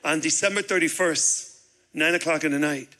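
A male preacher with a high, bright voice delivers a sermon with animated storytelling. He acts out the voices in his story and climbs into fervent, emphatic preaching. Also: moderate pace. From Chicago. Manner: animated, acts out dialogue, builds to shouted preaching. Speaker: guest pastor.

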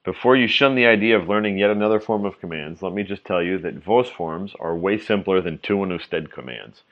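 A man with a very low voice reads a language lesson from a script, steady and measured. He slows down over each example word so it comes through clearly. The recording sounds a little dull and lo-fi. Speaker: reader of a language article. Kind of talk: scripted reading of an article.

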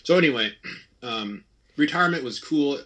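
A man's voice: mid-range voice, animated, moderate pace, a bit bright. A man in his thirties, a former athlete, talking candidly and at length in a casual interview, often restarting and quoting his own thoughts. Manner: candid, rambling, frequent restarts and quoted self-talk. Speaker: interview guest, retired ski racer.

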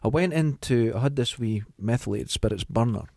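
A middle-aged Scottish man co-hosting a podcast in casual chat. He tells stories with animated delivery and acts out quoted lines in a raised voice. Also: medium pitch, brisk, gravelly, dry recording, clean studio sound. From Scotland. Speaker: podcast co-host.

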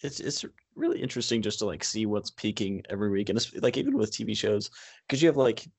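A man's voice: fairly low pitch, quick pace, vocal fry, breathy edge, no room sound. A man co-hosting a podcast in casual chat, loose and chatty and full of asides. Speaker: podcast co-host.

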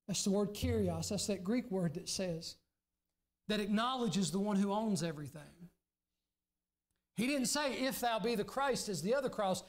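A man preaching a sermon as pastor in a church, earnest, now and then dropping to a hushed, pleading voice. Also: high voice, expressive, normal speed. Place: church sanctuary.

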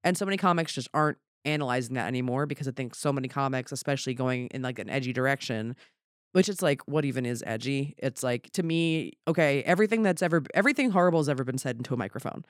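A man, a comedian, talking in a casual podcast chat, rambling and animated and swearing offhandedly. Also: medium pitch, fast talker, clear, resonant tone, no room sound, clean studio sound. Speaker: comedian guest.

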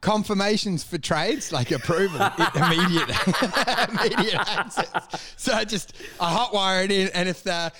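Male comic co-host, high voice, crude rambling riffs, heavy swearing. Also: unhurried, pushed and bright. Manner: swearing, rambling, riffing on absurd scenarios. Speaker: podcast co-host. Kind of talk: crude comedic banter.

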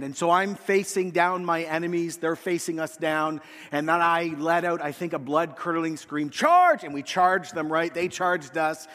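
A man preaching a sermon to his congregation, telling a story with lively energy and shouting out the quoted lines. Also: fairly high pitch. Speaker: pastor. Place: church hall, in front of a congregation. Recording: long reverb in a large hall.

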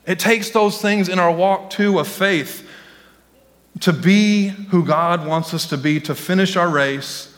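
A man preaching a sermon as senior pastor, excitable and speaking directly to his congregation. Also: high voice, slow pace, long reverb tail. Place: church sanctuary.

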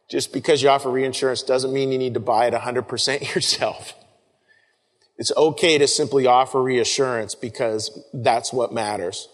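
Man preaching in a reverberant hall. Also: medium pitch. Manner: conversational, often repeats words, addresses listeners as folks. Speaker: pastor. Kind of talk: sermon. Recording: long reverb of a large room.

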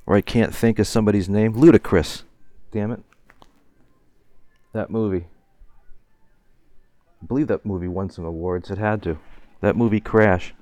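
Lively, ranting man in his forties. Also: on the low side, moderate pace, long pauses, no room sound. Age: 40s. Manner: animated ranting, laughs through the story, swears casually. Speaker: vlogger. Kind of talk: casual storytelling monologue.

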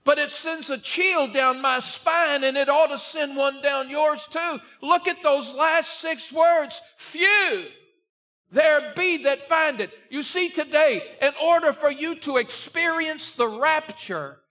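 A male pastor delivering a Sunday morning sermon, reading scripture aloud and driving his points home, shouting out key words. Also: very high voice. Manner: slow, emphatic preaching that rises to shouts on key words; reads scripture aloud in old-fashioned wording.

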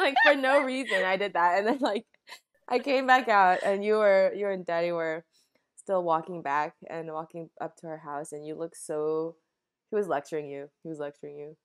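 A woman's voice: mid-range voice, clear, resonant tone. Young woman retelling a story with laughter. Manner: animated retelling, acting out quotes, laughing. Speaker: podcast co-host. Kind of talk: casual chat.

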